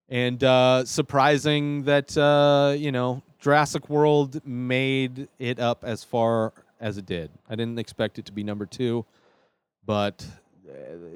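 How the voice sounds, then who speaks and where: A man's voice: mid-range voice, clear, resonant tone, no echo. A man hosting his own show, rambling enthusiastically through a casual ranking of films, with plenty of fillers and restarts. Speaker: show host. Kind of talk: casual film ranking monologue.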